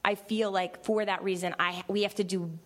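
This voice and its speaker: A woman's voice: mid-range voice, fairly even intonation, moderate pace, a bit bright. A woman in her thirties speaks as a guest on a panel, her voice in a middle range. She talks in a chatty, emotional way, restarting sentences and leaning on fillers as the thoughts come. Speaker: panel guest, TV show creator. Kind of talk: panel discussion.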